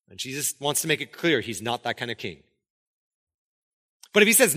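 A man with a bright, forceful voice reads scripture and preaches a sermon. He gets animated and acts out the quoted speakers. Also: a little high, moderate pace, in a large hall. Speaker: pastor. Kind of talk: scripture reading then sermon.

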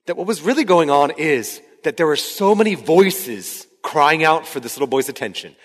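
A male pastor in his thirties delivers a conversational sermon in a church sanctuary. His voice sits a little high for a man and bursts into shouts when he reenacts a story. A long hall reverb trails his words from the stage mic. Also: animated, normal speed. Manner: conversational, rising to shouts when acting out yelling. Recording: hall reverb from a large room.

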